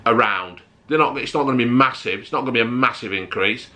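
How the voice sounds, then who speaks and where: A middle-aged man, ranting bluntly to camera in a vlog, swearing heavily and flaring up loudly. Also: medium pitch, fast. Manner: blunt, heavy swearing, rising to shouty outbursts. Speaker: vlogger.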